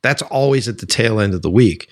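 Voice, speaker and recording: A man hosting a casual podcast, relaxed and candid, swearing casually. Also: on the low side, a little fast, no echo, studio quality. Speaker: podcast host.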